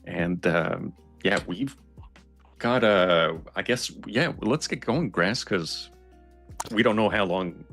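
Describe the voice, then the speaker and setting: Easygoing male co-host, low gravelly voice, greets the audience, faint music behind. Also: lively intonation, slow pace, a bit bright. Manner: easygoing, greets viewers by name. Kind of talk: casual live-stream chat.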